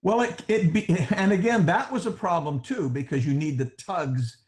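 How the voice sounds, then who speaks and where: Animated man explaining as a historian. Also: high-pitched, normal speed. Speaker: historian on a panel. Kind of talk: panel discussion.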